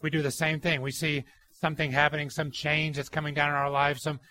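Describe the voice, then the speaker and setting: A young adult man preaching a sermon, telling anecdotes with lively mimicry and shifting emphasis. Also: fairly high pitch, a little fast, dry recording. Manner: animated storytelling, mimics people in anecdotes. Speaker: pastor.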